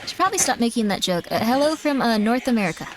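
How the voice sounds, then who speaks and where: A woman's voice: fairly high pitch, very animated, quick pace. Rambling, joking woman streamer. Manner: rambling, joking, self-deprecating. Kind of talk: casual reaction chat.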